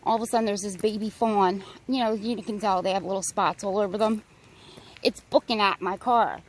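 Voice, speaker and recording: A woman vlogging as she walks a wooded park trail, chatty, rambling and excitable, a little out of breath. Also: medium pitch, fairly quick. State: slightly out of breath. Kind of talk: casual walking vlog narration. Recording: outdoor recording, crickets and faint background noise.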